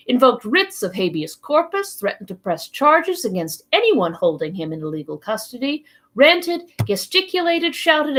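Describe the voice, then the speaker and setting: A woman reading a novel aloud for a library program, narrating in the first person with expressive delivery. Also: a little high. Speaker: library storytime reader.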